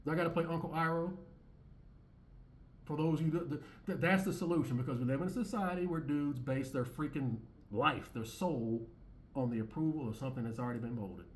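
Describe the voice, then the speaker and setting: A man's voice: fairly high pitch, fairly quick. Blunt, profane man ranting to camera. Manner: blunt, repetitive, stammering restarts, profane. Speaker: commentary channel host. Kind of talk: opinionated monologue over clips.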